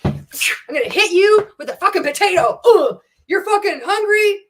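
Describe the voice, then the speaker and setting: A woman's voice: lively intonation, normal speed. Woman mocking a smug preachy coach guy. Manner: mocking, swearing, loud and shrill. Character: smug preachy male network-marketing coach, arrogant and dismissive.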